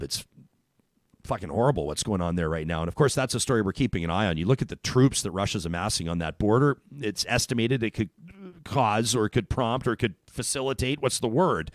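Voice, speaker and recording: A middle-aged Canadian man hosting a talk radio show, animated and chatty, reading listener comments and laughing often. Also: fairly low pitch, no echo, studio quality.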